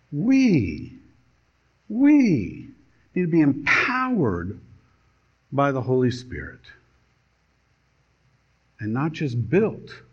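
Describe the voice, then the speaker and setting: A male pastor delivers a sermon in a storytelling way, with dramatic pauses. His pitch rises and falls a great deal as he preaches. The recording is dull and lo-fi. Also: husky.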